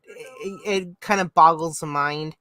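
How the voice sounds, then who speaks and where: Woman chatting on a podcast, lowish voice, dry close sound, explains stuff thoughtfully. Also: fairly even intonation, measured pace, pushed and bright, dry recording. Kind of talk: casual chat.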